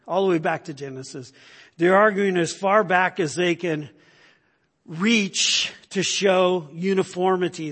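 A man's voice: a little high, fairly bright tone, breathy edge, big-room sound. A man preaching a sermon in a chatty, storytelling way, often checking in with "right?". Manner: conversational, storytelling with frequent "right?". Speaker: pastor.

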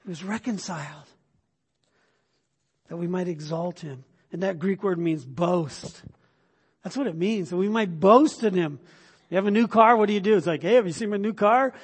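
Husky-voiced pastor in a reverberant hall. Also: male voice, high voice, moderate pace, pauses often. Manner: conversational, with many restarts and bursts of emphasis. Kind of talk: sermon.

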